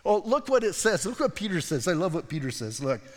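A man preaching in a fairly high voice, telling the story in a lively, slangy way with many asides. His voice rings out with a long hall reverb. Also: fast. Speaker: pastor. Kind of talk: sermon.

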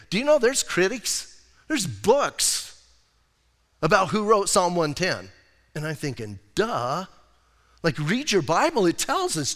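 A man's voice: sits high, fairly bright tone, in a large hall. A man preaching a sermon as pastor, in a casual, conversational way, acting out quotes as he goes.

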